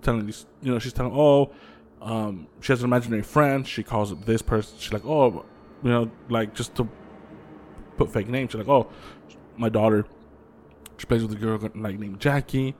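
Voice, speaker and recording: A man's voice: medium pitch, normal speed, a little hiss or hum. Guy on a podcast telling spooky stories, swears a lot, does the voices. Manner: profane, animated storyteller who acts out quotes. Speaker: podcast co-host. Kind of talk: casual chat, storytelling.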